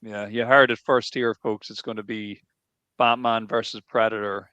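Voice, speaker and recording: A man's voice: fairly low pitch, little pitch movement, moderate pace, sharp tone, clear, resonant tone, dry recording. A man co-hosting a casual podcast, dropping short dry quips and wrapping up the show. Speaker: podcast co-host. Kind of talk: casual chat. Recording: dry, slightly muffled mic.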